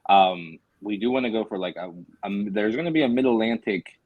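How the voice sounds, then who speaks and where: A man's voice: on the low side, a little fast, dry recording, phone-quality sound. A man chatting enthusiastically on a theater panel, with many fillers. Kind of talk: casual panel chat.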